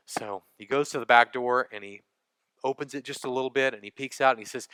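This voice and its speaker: Bright-voiced Texan pastor preaching. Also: male voice, mid-range voice, fairly quick, no echo. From East Texas. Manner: conversational preaching, engages congregation. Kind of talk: sermon.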